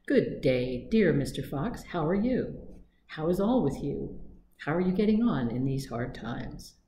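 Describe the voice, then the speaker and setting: Lady reading as a polite humble cat, earnest, low mellow voice, storybook read, echoey room. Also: big pitch swings, unhurried. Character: modest, friendly female cat. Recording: echoey room with faint ambience.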